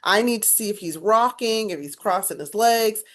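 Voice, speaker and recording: A woman's voice: medium pitch, normal speed, fairly bright tone. Woman, speech teacher, instructive lecture, emphatic, shifts her inflection to demonstrate. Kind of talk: recorded class lecture.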